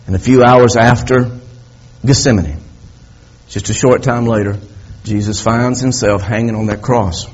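A man's voice: mid-range voice, husky. A male preacher telling stories with impassioned emphasis during a sermon, repeating key words, on a dull, lo-fi recording.

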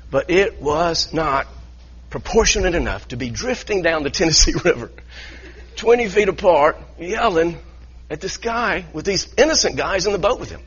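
A man, a pastor, telling an animated story in a sermon with laughing asides. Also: high voice, breathy edge. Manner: animated, laughing asides, grows heated in retelling. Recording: dull lo-fi sound.

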